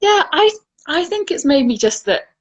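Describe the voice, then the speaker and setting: A woman from Guernsey, an author talking in a relaxed interview, thoughtful and chatty with frequent fillers. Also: high voice, a little slow, low-quality recording. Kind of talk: casual conversational interview.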